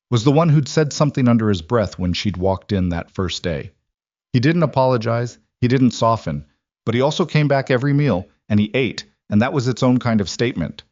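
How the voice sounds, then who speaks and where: Guy reading a story, lowish voice, steady and measured, dry muffled audio. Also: no echo. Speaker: narrator. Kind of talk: scripted story narration. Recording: dry, slightly dull sound.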